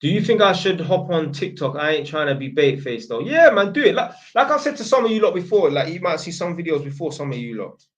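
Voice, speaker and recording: Man, somewhat high-pitched, blunt, slangy, swears freely, casual livestream Q&A host. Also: big pitch swings, fast. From Northampton, England. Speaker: channel host answering viewer questions.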